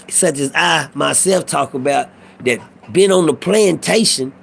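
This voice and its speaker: A man's voice: on the high side, vocal fry, husky. A middle-aged man talking in a casual monologue, telling a profane, preachy prison story in street talk. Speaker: vlogger.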